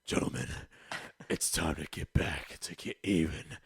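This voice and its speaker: A young man putting on a brooding caped vigilante's voice, low, gravelly and half-whispered. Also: unhurried, no room sound, full character voice. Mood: menacing.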